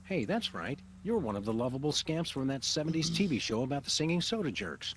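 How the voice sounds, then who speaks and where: An actor playing a dry, deadpan, formal-talking canine detective in a cartoonish video game. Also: male voice, mid-range voice, a little fast, natural voice.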